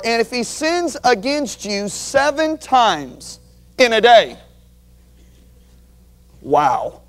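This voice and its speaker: A man with a notably high speaking voice delivers an earnest teaching sermon. He leans hard into key phrases and has his listeners repeat words back to him, in the manner of a seasoned preacher. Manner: earnest, emphatic, calls on the audience to repeat words. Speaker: Bible teacher.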